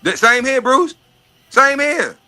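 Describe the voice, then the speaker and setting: Speaking slowly in a very high, sharp voice with lively intonation, this man hosts a podcast and talks casually about money and estates. His style is streetwise and full of profanity, with words repeated as he searches for them.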